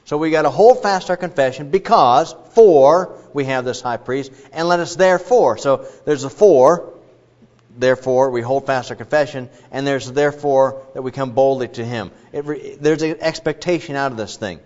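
A man's voice: mid-range voice, normal speed, a little mellow. A man preaching an expository sermon in a conversational, digressive way with frequent asides. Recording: dull lo-fi recording.

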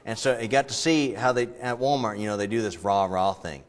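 A man's voice: on the low side, fairly even intonation, a little fast. A middle-aged man preaching a sermon as pastor, conversational and digressive, with frequent fillers. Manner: conversational, digressive, breaks into loud acted quotes.

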